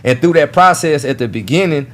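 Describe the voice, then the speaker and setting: A man from Houston in his thirties, a guest in an interview, telling his story in a relaxed, slangy way. He often says "bro" and acts out the people he quotes. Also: fairly high pitch, a little fast. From Houston, Texas. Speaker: entrepreneur guest.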